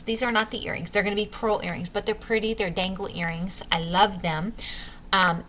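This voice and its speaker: Bright-voiced upbeat woman coaching sales. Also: mid-range voice, slight background noise. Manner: upbeat, coaching, addresses listeners directly. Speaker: sales director training new consultants. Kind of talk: enthusiastic sales training talk.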